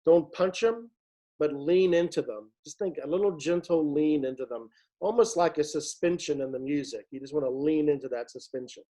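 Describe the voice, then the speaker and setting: A man leading a choir rehearsal, explaining a piece with many pauses and restarts and singing short phrases to show the point. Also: fairly high pitch, warm tone, poor audio. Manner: halting, many fillers and restarts, sings short phrases to demonstrate. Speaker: choir director. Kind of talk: rehearsal instruction.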